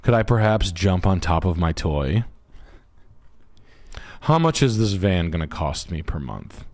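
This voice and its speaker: A man's voice: deep voice, sing-song, a little slow, darkish tone. Brash, profane man hosting a stream. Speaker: realtor and livestream host. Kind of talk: crude casual stream chat.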